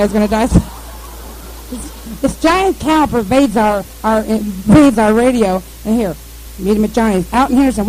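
Casting: a woman, slightly high voice, cursing, rambling storyteller, faint background noise. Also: normal speed. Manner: profane, rambling, animated, imitates radio noises. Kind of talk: casual storytelling.

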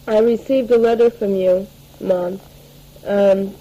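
A woman's voice: mid-range voice, fairly even intonation, takes it slowly, mellow, highs cut off, a little hiss or hum. A teenage girl rambling through a spoken audio letter to her family, full of fillers and restarts, taped at home. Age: late teens. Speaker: letter writer.

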